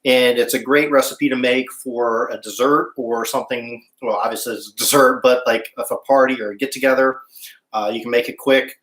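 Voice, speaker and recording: A man's voice: medium pitch, fairly even intonation, normal speed, fairly bright tone, roomy sound. A man hosting a casual live-stream cooking show, chatting with viewers and humming while he tastes. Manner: chatty, stops to hum while tasting.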